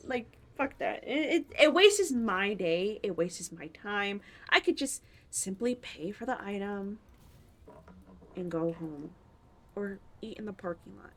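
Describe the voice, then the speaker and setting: A woman's voice: medium pitch, expressive, slow. A woman co-hosting a casual podcast chat, telling stories bluntly with plenty of swearing. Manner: blunt, profane, rambling storyteller. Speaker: podcast co-host.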